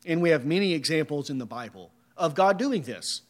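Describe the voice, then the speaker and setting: High-voiced man preaching a sermon. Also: animated, brisk. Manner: rhetorical questions, emphatic.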